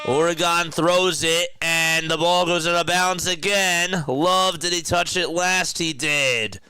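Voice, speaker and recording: A man's voice: a little high, fairly even intonation, slow pace, sharp tone, faint music behind. A young man from South Jersey with a South Jersey accent, calling live basketball play-by-play in a chatty way, laughing at his own asides. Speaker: play-by-play commentator.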